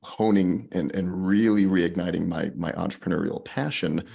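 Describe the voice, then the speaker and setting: A deep-voiced man with a gravelly, husky edge recounts his story as a podcast guest. He talks in a lively, animated way and acts out the people he quotes. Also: normal speed. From Colorado. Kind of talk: storytelling in conversation.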